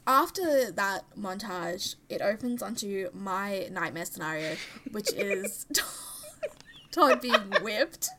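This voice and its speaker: A woman co-hosting a podcast in casual chat, with a high, girlish voice and a chatty, laughing manner. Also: lively intonation, slow, sharp tone, a little hiss or hum. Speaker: podcast co-host.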